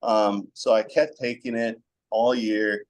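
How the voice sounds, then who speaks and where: A young man with a somewhat low voice, speaking as a podcast guest. He tells his story candidly and conversationally, rambling a little with fillers and the odd laugh. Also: steady tone, slow.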